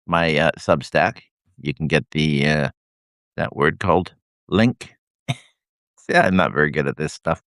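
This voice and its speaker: A retired man in his sixties from Canada, rambling through casual self-deprecating chat on his live stream with a handheld mic, blunt and quick to laugh. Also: very deep voice, a bit bright, no echo, studio quality. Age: 60s. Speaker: host of a live video stream. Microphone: handheld microphone.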